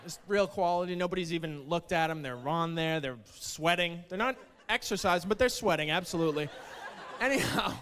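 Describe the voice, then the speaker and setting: A man doing a stand-up comedy set, wry and self-deprecating, building to loud indignant outbursts. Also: fairly high pitch, a little fast, a little hiss or hum. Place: comedy stage before a live audience. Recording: stage mic in a reverberant hall with laughing crowd.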